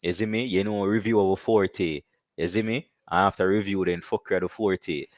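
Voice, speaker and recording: A Jamaican man with a very low voice hosts a live stream and chats easily with his viewers. He gives big-ups one after another and talks in a loose, rambling way. The sound is dry, with no room echo. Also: steady tone, normal speed. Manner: loose, chatty, giving shout-outs, saying "you see me" again and again. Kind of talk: casual live-stream chat.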